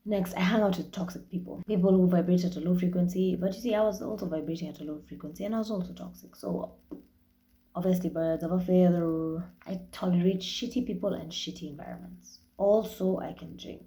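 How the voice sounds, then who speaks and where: A woman's voice: on the low side, steady tone, brisk, dark tone. A young Kenyan woman hosting her own podcast, talking candidly and with plenty of swearing, slipping Swahili phrases into her English. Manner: frank and profane, mixing in Swahili phrases. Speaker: podcast host. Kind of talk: candid solo podcast monologue.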